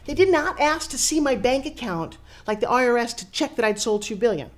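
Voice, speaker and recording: A woman in her fifties giving a casual walking tour of her studio, excitable and showy, talking straight to the camera. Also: fairly high pitch, a little fast. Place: her own studio and offices, indoors.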